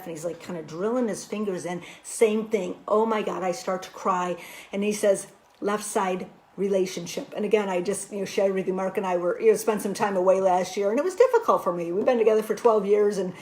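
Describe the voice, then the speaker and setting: Animated woman telling a personal story. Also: medium pitch. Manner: animated, lots of "you know" fillers. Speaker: wellness workshop teacher.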